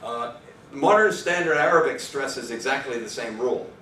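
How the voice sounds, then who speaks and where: A man's voice: mid-range voice, moderate pace, pushed and bright, a little hiss or hum. A man giving an academic talk on language and rhythm, thinking aloud with fillers and small self-corrections. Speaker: lecturer. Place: lecture room. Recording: echoey room from far off.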